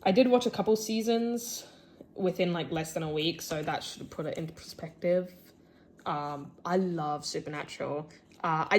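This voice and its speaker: A teenage girl from Australia talking casually about her sketchbook, full of "like" and "um", self-deprecating, with squeals of delight over her favourite characters. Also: lowish voice. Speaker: artist showing her sketchbook. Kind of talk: casual chat.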